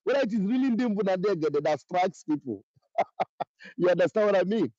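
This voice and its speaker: A man's voice: sits high, expressive, fairly quick, mellow, no room sound, dull audio. A man with a Nigerian Igbo accent giving an impassioned, repetitive monologue as host of his online channel. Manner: emphatic and repetitive, voice rising sharply when accusing.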